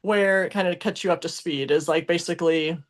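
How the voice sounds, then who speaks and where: A woman's voice: lowish voice, a little fast. Woman telling a heartfelt story, rambling. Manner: emotional, rambling with many fillers and self-corrections. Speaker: podcast co-host. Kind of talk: casual conversational storytelling.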